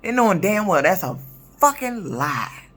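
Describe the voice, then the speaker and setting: A woman's voice: medium pitch, big pitch swings, measured pace, a bit bright, husky. A woman in her fifties, a truck driver, telling a story in an indignant, profane, emphatic rant for her vlog. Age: 50s.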